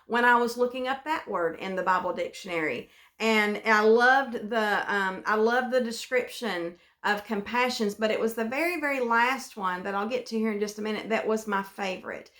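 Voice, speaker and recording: A woman's voice: fairly high pitch, fairly bright tone. A woman giving an earnest devotional Bible teaching, often repeating phrases and restarting her sentences. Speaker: devotional speaker.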